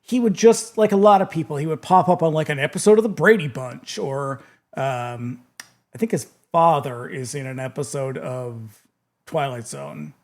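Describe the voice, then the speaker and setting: A man's voice: on the high side, normal speed, a little mellow. A man co-hosting a podcast, chatting casually about films and trading trivia, with lots of "like". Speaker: podcast co-host. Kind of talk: casual movie chat.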